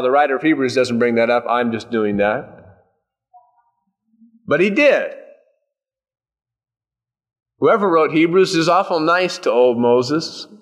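Folksy preacher man teaching scripture. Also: fairly high pitch. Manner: conversational, folksy asides and humor. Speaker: pastor. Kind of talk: sermon.

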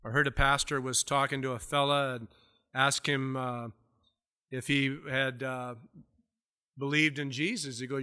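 A man preaching a casual, conversational verse-by-verse sermon, acting out little scenes and dropping to quiet asides before rising to emphatic points. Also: mid-range voice, moderate pace. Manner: swings from hushed murmurs to raised emphatic peaks. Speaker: pastor. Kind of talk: expository sermon.

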